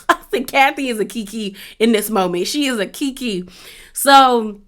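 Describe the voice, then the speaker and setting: A woman's voice: a little high, moderate pace. A woman giving a sassy, casual recap of a reality show, acting out what the cast said. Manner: animated, sassy, acts out quotes.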